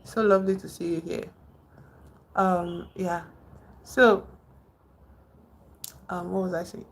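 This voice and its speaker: Nigerian woman streamer, low gravelly voice, rambling and chatty. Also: fairly even intonation, slow. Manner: rambling, retells film scenes, greets chat viewers. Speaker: livestream host. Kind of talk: casual livestream chat.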